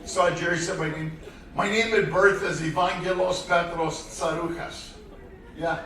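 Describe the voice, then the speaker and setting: A man doing a stand-up comedy routine in a large theater on a cruise ship, loud and animated, shouting his punchlines. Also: sits high, a little slow. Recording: echoey theater from far off with crowd noise. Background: audience laughter.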